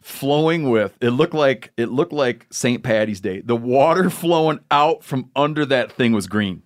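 A man's voice: mid-range voice, lively intonation. A man hosting a podcast, telling a rambling story in casual, joking chat. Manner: storytelling, joking, drawn-out asides. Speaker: podcast host.

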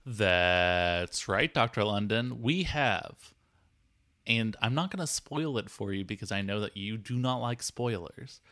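A man's voice: lowish voice, expressive, measured pace, a bit bright. A man co-hosting a comedy podcast, bantering in a breezy, mock-earnest way. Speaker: podcast co-host and producer.

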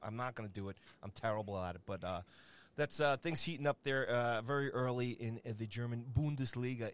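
A man hosting a casual soccer scores segment, energetic and playful, with lots of fillers, teasing his co-host. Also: mid-range voice, a little fast, clear, resonant tone. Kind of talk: casual sports rundown on a talk show.

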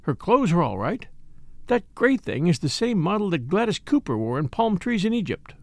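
A scheming, effusive society lady, put on by a male reader in a storybook reading. She talks high and fluttery, with swooping, animated pitch. The sound is close and dry. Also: moderate pace, no room sound. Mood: gushing. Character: gushing scheming society lady, middle-aged.

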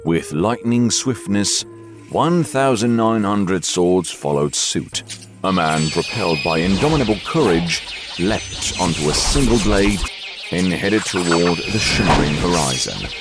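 Deep, expressive male storyteller. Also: measured pace, over music. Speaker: narrator. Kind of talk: audiobook narration.

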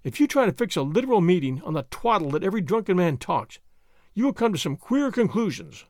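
A man reading aloud, voicing a calm, imperturbable gentleman who brushes off his friend with testy scorn. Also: high voice, fast, dry recording, clean studio sound. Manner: dismissive, testy.

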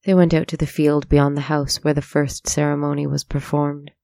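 A storyteller giving steady scripted narration of a dark tale. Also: medium pitch, normal speed, creaky, dry recording, clean studio sound.

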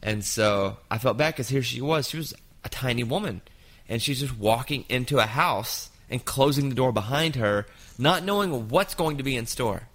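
A man in his fifties hosting a casual chat, telling an anecdote with lively jumps into quoted voices. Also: mid-range voice, normal speed, few pauses. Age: 50s.

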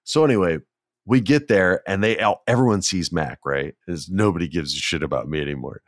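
A man's voice: low voice, a little fast, no room sound, studio quality. A man hosting a podcast, telling a long story casually with rambling, joking asides. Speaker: podcast host.

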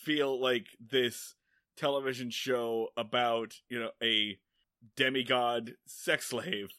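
A man in casual podcast chat, recapping a TV episode with animated, sarcastic jokes. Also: medium pitch, slow, no room sound, studio quality. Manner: animated, joking, sarcastic asides. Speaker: podcast co-host.

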